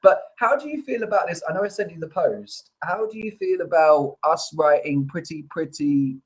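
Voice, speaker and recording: A man's voice: a little high, expressive, normal speed, husky, rough recording. A young man co-hosting a sports podcast, chatting affably with jokes and tangents. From Ireland or UK. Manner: affable, rambling, joking. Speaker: podcast co-host. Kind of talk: casual chat.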